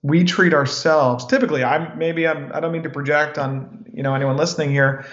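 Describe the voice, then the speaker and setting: A man in his forties, a podcast guest speaking in a calm and reflective way. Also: on the high side, fairly quick. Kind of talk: podcast interview. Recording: roomy, dull lo-fi sound.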